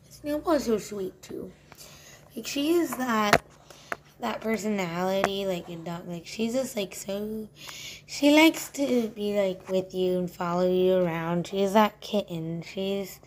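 A woman talking slowly and casually as she walks through her home with a handheld camera. Her speech rambles along with plenty of fillers. There is a faint noise behind her. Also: mid-range voice. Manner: rambling, filler-heavy chatter. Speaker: vlogger showing her cats. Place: at home, walking between rooms.

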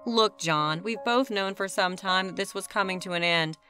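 A woman's voice: medium pitch, normal speed, sharp tone, faint music behind, close to an everyday voice. A woman voicing a kindly, burdened male college dean in a storybook reading, with a friendly, reassuring way of talking. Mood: somber.

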